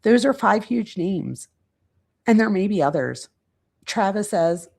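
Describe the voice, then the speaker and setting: Gravelly-voiced woman reading transcript quotes. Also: medium pitch, expressive, darkish tone. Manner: reads quotes aloud, pausing to search her notes. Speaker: true crime channel host. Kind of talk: casual reading and commentary.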